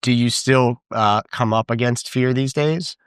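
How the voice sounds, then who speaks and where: A man's voice: medium pitch, unhurried, smooth, no room sound, clean studio sound. A man hosting a podcast interview, asking reflective questions and affirming his guest's points. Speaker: podcast host and physician.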